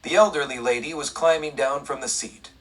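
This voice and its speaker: A man narrating a western audiobook in a steady, measured reading. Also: mid-range voice, distant mic, rough recording.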